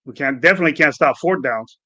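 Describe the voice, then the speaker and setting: A heated man on a sports podcast, driving his points home with repeated phrases. His voice sits a little high and sounds dry and close, with faint music behind it. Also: quick pace, bright, forceful tone, dry recording. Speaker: podcast co-host. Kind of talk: casual postgame rant.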